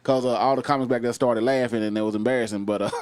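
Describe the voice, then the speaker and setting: Male comedian host, quick and easygoing, casual banter, dry close sound. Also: mid-range voice, steady tone, darkish tone, clear, resonant tone, dry recording. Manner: laid-back, fast conversational talk. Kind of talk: casual interview chat.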